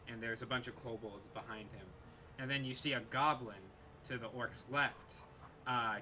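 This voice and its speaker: A man narrating as game master of a tabletop game, unhurried and hesitant with many fillers. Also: mid-range voice, bright, forceful tone, a little hiss or hum.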